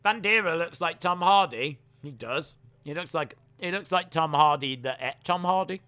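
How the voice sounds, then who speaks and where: A man hosting a live fight watch-along, giving steady play-by-play full of filler "uh"s. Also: fairly high pitch, moderate pace. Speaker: live stream host and commentator. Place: home streaming setup.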